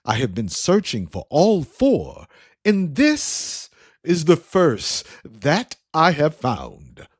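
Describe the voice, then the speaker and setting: A man voicing a suave, condescending blue alien gentleman thief who speaks theatrically. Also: fairly high pitch, wildly swooping pitch, extremely slow, dry recording, studio quality, voice pushed up, heavily acted. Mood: haughty. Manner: theatrical, condescending, says "my dear".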